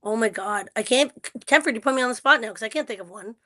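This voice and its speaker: A woman's voice: fairly high pitch, fast, pushed and bright. A woman with a slightly smoky voice, a guest in a casual chat who swears and laughs a lot.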